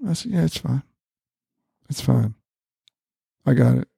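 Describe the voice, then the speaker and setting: A middle-aged man with a gravelly, mellow voice tells a personal story in an earnest, conversational way. He stumbles and repeats words, then lifts his pitch to act out quoted lines. The recording is dry and close. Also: a little slow, no room sound. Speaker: guest, family doctor.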